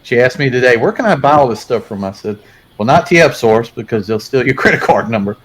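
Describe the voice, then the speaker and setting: A married man co-hosting a casual chat over a video call, relaxed and matter-of-fact. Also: mid-range voice, fast, slightly rough, low-quality recording. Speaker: podcast co-host.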